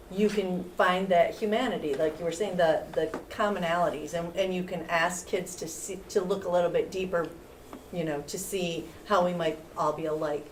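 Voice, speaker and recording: A woman with a somewhat low voice speaks earnestly on a panel, leaning on "you know". The mic is far off in the room. A faint hiss runs beneath her. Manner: earnest, with frequent 'you know'. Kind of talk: casual panel discussion. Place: lecture room at a library event.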